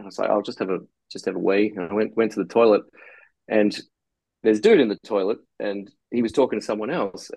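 A man's voice: on the low side, gravelly, a little mellow, slightly rough, dry recording. A man in casual podcast chat, telling long rambling anecdotes with casual swearing. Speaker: brewery co-founder guest.

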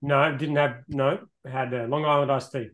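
A man's voice: mid-range voice, steady tone, normal speed, a bit bright. A young man hosting a podcast, chatting casually and teasing his co-host with some swearing. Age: young adult. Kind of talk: casual chat.

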